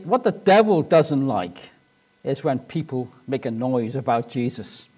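A man preaching a sermon, retelling a story in an animated way and rising to emphatic points. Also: mid-range voice.

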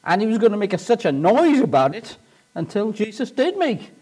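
Male preacher, animated storytelling sermon, lively swinging pitch, fairly high voice. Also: fairly quick, breathy edge. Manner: animated storytelling, rising to emphatic shouts.

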